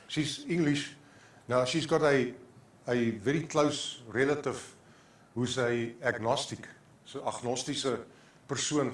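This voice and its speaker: An older man with a South African accent preaching a sermon as pastor. He preaches with passion, repeats his phrases and slips into Afrikaans. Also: mid-range voice. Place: church sanctuary. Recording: echoey church hall.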